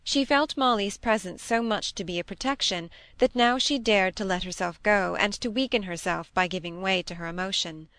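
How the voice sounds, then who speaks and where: A woman giving a steady, even reading as an audiobook narrator. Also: medium pitch, normal speed, few pauses, dry recording. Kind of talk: scripted narration.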